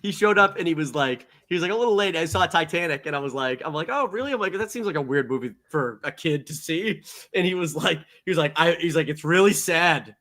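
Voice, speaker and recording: A man co-hosting a comedy podcast, telling animated stories full of swearing and acted-out quotes. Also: a little high, a little fast. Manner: animated storyteller, swears a lot, acts out quotes. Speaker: podcast co-host. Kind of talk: casual comedic chat.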